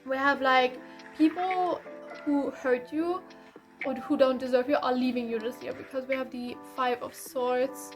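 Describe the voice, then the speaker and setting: A woman giving a casual tarot reading, rambling warmly with lots of fillers and self-corrections. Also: sits high, steady tone, a little slow. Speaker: tarot reader. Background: faint instrumental music.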